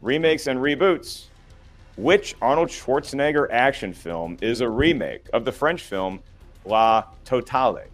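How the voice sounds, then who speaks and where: A man's voice: mid-range voice, expressive, measured pace, faint music behind. A man hosting a trivia game show, reading questions and counting down with playful, teasing banter.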